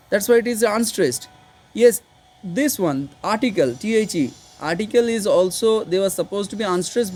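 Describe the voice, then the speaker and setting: A man teaches an online literature class. He explains things step by step and stops often to ask his students whether they follow. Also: sits high. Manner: patient, explaining step by step, checks in with "got it?".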